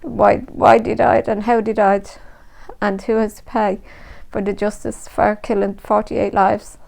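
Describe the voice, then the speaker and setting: A woman's voice: mid-range voice, little pitch movement, a little slow, gravelly, a little mellow. A woman speaking in an interview as a family member, earnest and insistent. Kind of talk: personal interview.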